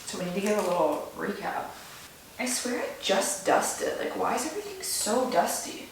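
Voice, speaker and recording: A young woman vlogging casually at home while doing chores, chatty and full of likes, often dropping to a soft whisper. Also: medium pitch, sing-song, moderate pace, gravelly, a little hiss or hum. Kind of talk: casual vlog chat.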